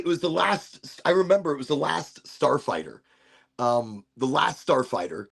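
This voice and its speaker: A middle-aged man rambles through a casual livestream chat while high, laughing and poking fun at himself. His voice is gravelly and a little husky, sits fairly high for a man, and swoops widely in pitch. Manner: rambling, laughing, self-mocking. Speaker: livestream host.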